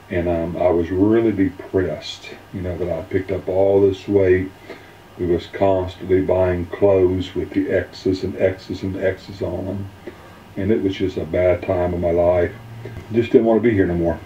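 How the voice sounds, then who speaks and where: Man, deep voice, halting earnest testimonial, dull off-mic recording. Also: level tone, warm tone, slight background noise. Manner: halting, many filler ums, earnest. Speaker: weight-loss testimonial speaker. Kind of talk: personal testimonial talk. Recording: roomy, distant, dull mic.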